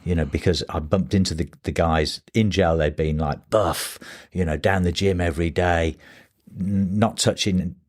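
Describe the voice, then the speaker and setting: A man's voice: low-pitched, steady tone, moderate pace, hardly any pauses, darkish tone. A man in his sixties, a playwright guest, telling rambling stories casually in an interview, with restarts. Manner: rambling, restarts, anecdotal with voiced quotes.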